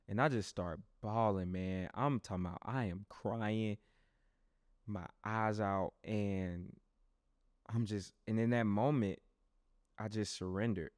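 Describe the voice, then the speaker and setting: A young adult man hosting a podcast and telling a personal testimony in a loose, animated, conversational way, often speaking straight to his listeners. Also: lowish voice, slow pace, no echo, clean studio sound. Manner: animated storyteller who talks straight to listeners; loose and conversational, with frequent restarts. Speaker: podcast host.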